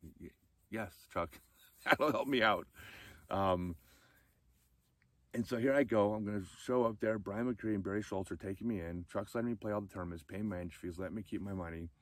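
A man's voice: fairly low pitch, fairly quick, darkish tone, dry recording. A man telling his own life story candidly and emotionally, close to tears at times. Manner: emotional, candid, acts out quoted friends in a raised voice. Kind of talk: personal storytelling talk.

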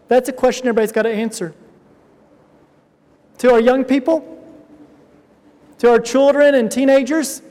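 Male pastor, very high voice, emphatic explanatory preaching, long reverberant hall sound. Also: darkish tone. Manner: explanatory, emphatic, addresses congregation directly. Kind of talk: sermon.

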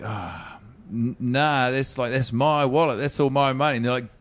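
A man's voice: mid-range voice, moderate pace. A young adult man with a New Zealand accent, a podcast guest telling a story in rambling, self-deprecating casual chat. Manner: rambling, self-deprecating, restarts mid-sentence.

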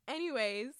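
A woman's voice: high-pitched, a bit bright, dry recording, clean studio sound. A young woman chatting casually in a book review, gushing and talkative, with lots of fillers and restarts.

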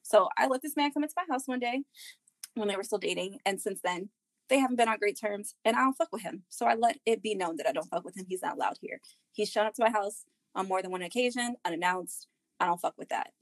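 A woman's voice: medium pitch, fast talker, no room sound, rough recording. A woman in her thirties, a podcast co-host in casual chat with friends, telling a story with lots of swearing and acting out her own lines.

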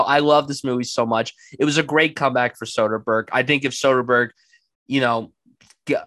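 Man, mid-pitched, excited casual film talk, dry close sound. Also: no echo. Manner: enthusiastic, animated, acts out quotes. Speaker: film reviewer. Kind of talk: casual podcast film chat.

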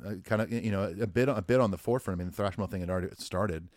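A man co-hosting a casual podcast, sharing facts in a relaxed way with fillers and laughs. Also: fairly low pitch, racing, no room sound, studio quality. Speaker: podcast co-host. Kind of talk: casual chat.

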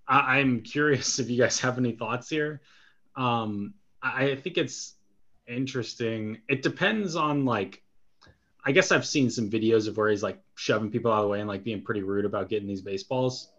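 A man's voice: medium pitch, bright, forceful tone. Hesitant man on a lo-fi mic. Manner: hesitant, frequent filler "like" and restarts. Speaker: podcast co-host. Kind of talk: casual chat. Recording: dull lo-fi sound.

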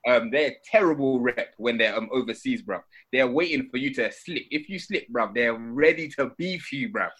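A man's voice: mid-range voice, expressive, normal speed, hardly any pauses, a bit bright, husky. A young man, co-hosting a casual podcast chat, emphatic and full of slang. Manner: emphatic, says bruv a lot. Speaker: podcast co-host.

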